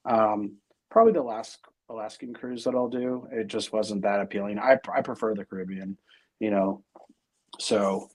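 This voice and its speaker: A man's voice: on the low side, steady tone, normal speed, darkish tone. A middle-aged man as interview guest, talking casually and rambling with many fillers and restarts.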